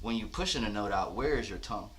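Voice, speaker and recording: A man hosting a casual podcast chat in a recording studio, excitable and quick to laugh. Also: on the low side, a loud crowd. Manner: fast, excitable, laughs often. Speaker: podcast host.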